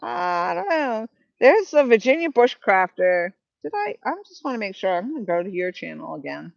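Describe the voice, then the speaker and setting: A woman's voice: mid-range voice, big pitch swings, moderate pace, creaky, no echo, highs cut off. A woman from New Hampshire hosting a live stream outdoors, chatting casually and reading viewer comments aloud. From New Hampshire, New England. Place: outdoors by the water. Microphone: Bluetooth headset.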